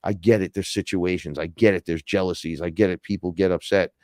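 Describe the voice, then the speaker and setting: A man's voice: low voice, fairly even intonation, fairly quick, a little mellow, no room sound, studio quality. A man hosting a casual livestream, talking in a heated, rambling, profane way. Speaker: podcast host.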